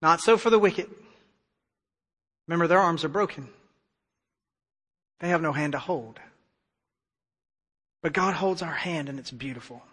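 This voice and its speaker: A man preaching a sermon as pastor, emphatic, swinging between hushed stretches and loud declarations. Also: a little high, unhurried, pauses often, breathy edge. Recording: long hall reverb.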